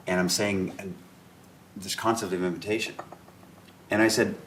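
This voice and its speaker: A man's voice: deep voice, normal speed. A man from Canada, an author and host, telling stories at a round-table discussion and acting out the dialogue as he goes. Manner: animated storyteller who acts out dialogue. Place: room around a table. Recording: roomy echo, faint background noise.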